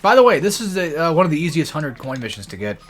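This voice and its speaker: A man's voice: on the high side, very animated, fast talker, soft background music. A young man giving rambling, profane commentary while playing a video game, swearing constantly as he rants. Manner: profane, ranting, frequent swearing. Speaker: let's play gamer.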